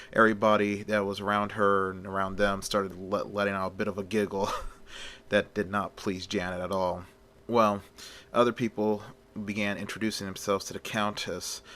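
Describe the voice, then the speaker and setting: A man's voice: lowish voice, fairly bright tone. A man casually retelling a film story as a fan version, rambling and conversational, with many "well"s and "he's like"s.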